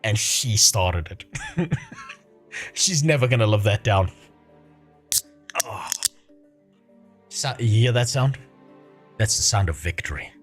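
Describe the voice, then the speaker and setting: A man's voice: lowish voice, animated, measured pace, pauses often. A man in his thirties, chatting loosely on a livestream. He swears constantly and breaks into laughter, his voice swinging up and down. Faint music plays behind him. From South Africa. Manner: profane, laughs often while talking. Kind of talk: casual chat.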